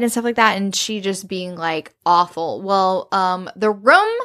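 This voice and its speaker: A woman's voice: medium pitch, lively intonation, unhurried, a bit bright. A woman with a mid-range voice talks through a novel's plot in a casual podcast chat. She retells it animatedly and swears freely along the way. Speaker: podcast co-host. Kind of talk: casual book recap chat.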